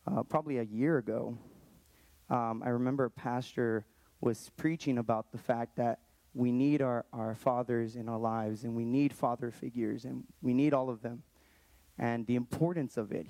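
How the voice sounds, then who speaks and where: A man in his thirties telling a personal story in an earnest, halting way, often restarting his sentences. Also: medium pitch, steady tone, vocal fry, warm tone, dry recording. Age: 30s. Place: Texas, around Austin.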